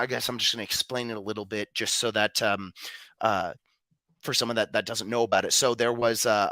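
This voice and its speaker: A young man talks in a casual discussion, his voice bright and pointed. He wanders through his thoughts with fillers and false starts, recorded dry with no room sound. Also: mid-range voice, dry recording. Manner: rambling, many fillers and restarts. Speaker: co-host.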